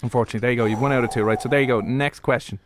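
A man's voice: mid-range voice, steady tone, very fast, a little hiss or hum. A man hosting a radio quiz bit in a teasing, playful quizmaster manner. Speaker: radio host.

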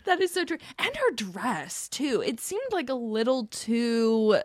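A woman's voice: fairly high pitch, measured pace. A young woman co-hosting a podcast, chatting casually and playfully about a film. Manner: animated, laughing, playful mock voices. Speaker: podcast co-host. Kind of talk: casual chat.

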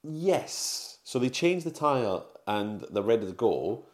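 A man's voice: mid-range voice, sing-song, slow. A man co-hosting a film podcast, recounting the plot in casual chat with frequent fillers and self-corrections. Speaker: podcast co-host. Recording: roomy echo.

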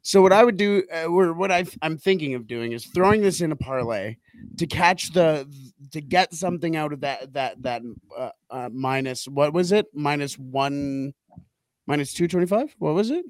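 A man's voice: on the high side, lively intonation, moderate pace, no echo. A man co-hosting a casual football podcast, rambling through his picks with many restarts and repeated words. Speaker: podcast co-host. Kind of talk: casual sports betting chat.

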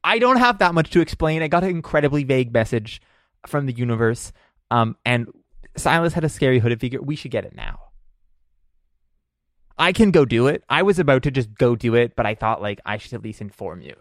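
A man's voice: mid-range voice, lively intonation, brisk, dry recording, studio quality. A man playing a tabletop role-play game, insistent and repetitive, stammering through restarts. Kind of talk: casual role-play chat.

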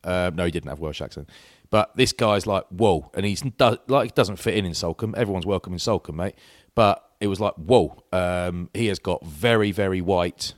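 A man's voice: low-pitched, moderate pace, hardly any pauses, no echo, studio quality. A middle-aged man in casual chat, telling anecdotes that ramble and restart. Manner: rambling anecdotes with self-interruptions. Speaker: podcast co-host.

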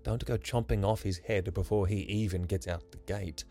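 A man voicing a hopeful young girl who speaks in soft, hushed, reassuring tones. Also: low voice, fairly even intonation, normal speed, soft background music.

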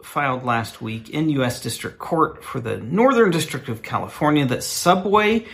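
A man's voice: medium pitch, animated, moderate pace, vocal fry, a bit bright. A man co-hosting casual radio banter in a sardonic, mock-pompous way. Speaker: co-host.

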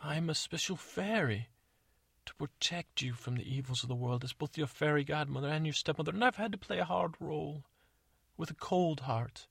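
A man voicing a scheming stepmother who is secretly also the fairy godmother, with a drawn-out, mock-tender, self-pitying manner, in a bedtime story. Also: fairly high pitch, creaky, fairly bright tone, breathy edge, no echo, voice pushed up, full character voice. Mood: sweetly pleading.

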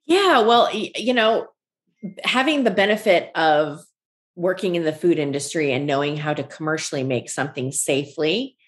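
Woman telling her story with animated quotes. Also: sits low, moderate pace. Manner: animated, acts out quoted lines. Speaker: guest, ice cream shop founder. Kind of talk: conversational storytelling.

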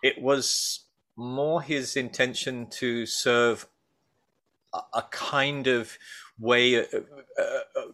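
A middle-aged man with a bright, forceful tone tells stories in a loose, rambling way. He talks at an ordinary middle pitch and keeps stopping to restart his sentences. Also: fairly even intonation, slow. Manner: rambling, hesitant, many restarts and fillers. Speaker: guest, baker and food writer. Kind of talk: casual conversational interview.

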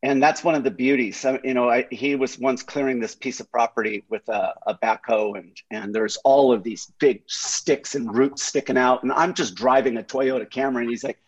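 A man's voice: medium pitch, moderate pace, hardly any pauses, husky. A man chatting casually, telling anecdotes and acting out his friends' lines. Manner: animated storyteller who acts out friends' lines. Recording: slightly dull, lo-fi audio.

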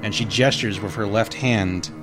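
A man narrating a tabletop game as game master, descriptive and unhurried, with frequent "uh" fillers. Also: lowish voice. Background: background music.

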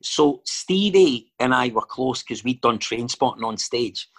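A man's voice: mid-range voice, lively intonation, unhurried, vocal fry. A Scottish man chatting casually as a guest, telling stories and wandering off into digressions with lots of fillers. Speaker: actor and filmmaker guest. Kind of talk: casual chat.

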